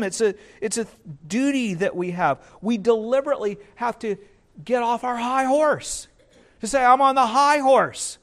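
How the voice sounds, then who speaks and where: A man preaching a sermon in an earnest way, often restarting and repeating words. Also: high voice.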